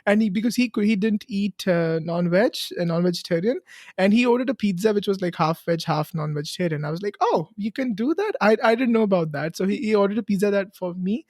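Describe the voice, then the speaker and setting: A podcast host leads a friendly interview with a middle-pitched voice. The recording is dry and close, with little room sound, and the host keeps things moving with easy questions and "okay, okay". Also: fairly quick, darkish tone, dry recording. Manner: friendly, asks questions, often says "okay, okay".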